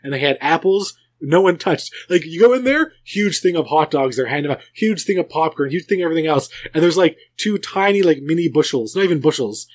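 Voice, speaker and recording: A man hosting a podcast, telling rambling stories in a casual, animated chat with many restarts. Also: fairly high pitch, brisk, few pauses. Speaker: podcast host.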